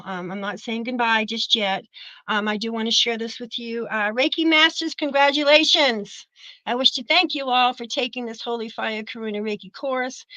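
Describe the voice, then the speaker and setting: A woman's voice: on the high side, sharp tone, no room sound, lo-fi sound. A middle-aged woman teaching an online spiritual class, chatty and effusive, rambling with fillers and turning emotional. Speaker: Reiki teacher.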